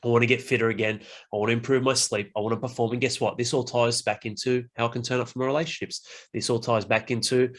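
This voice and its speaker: A man hosting a casual podcast chat, blunt and animated, swearing freely and mimicking other people. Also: medium pitch, fast talker, hardly any pauses. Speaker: podcast host.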